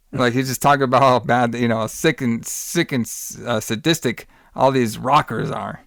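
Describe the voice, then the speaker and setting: A man's voice: mid-range voice, steady tone, normal speed, vocal fry, hardly any pauses, fairly bright tone, dry recording, clean studio sound. A man co-hosting a podcast, recapping a horror movie in casual, profane chat, rambling and acting out the characters' lines. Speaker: podcast co-host.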